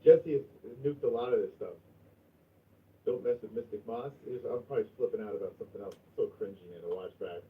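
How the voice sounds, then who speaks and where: A man's voice: fairly low pitch, fast, far from the mic, narrow, tinny audio, a little hiss or hum. A man hosting a live stream, talking casually and bluntly with plenty of swearing. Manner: blunt and heavily profane. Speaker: stream host.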